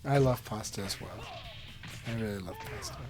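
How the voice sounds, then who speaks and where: A man's voice: fairly low pitch, moderate pace, loud music behind the voice. A man live-streaming a fighting game, chatting casually and encouragingly with viewers.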